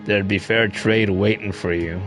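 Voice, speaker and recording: A man's voice: fairly low pitch, steady tone, unhurried, music in the background, lightly acted. A man voicing a scruffy, wheedling male bug scavenger in a video game, with an Australian accent and a coarse, slangy drawl. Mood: gruff, wheedling.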